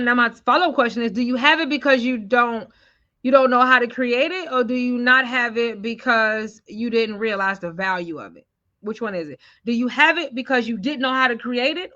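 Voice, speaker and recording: Woman coach on a live stream, higher bright voice, keeps asking if it makes sense, kinda muffled lo-fi sound. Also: a little fast. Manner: keeps checking in with viewers. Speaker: sales coach.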